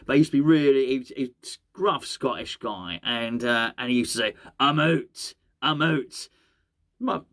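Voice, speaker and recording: A man's voice: mid-range voice, a bit bright. Rambling male football podcast host. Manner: rambling, self-correcting, repeats words. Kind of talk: casual solo football chat.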